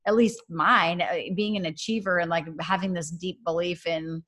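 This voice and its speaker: A woman in her thirties in a casual faith chat, telling a story in a chatty, animated way with lots of fillers. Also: on the low side, moderate pace.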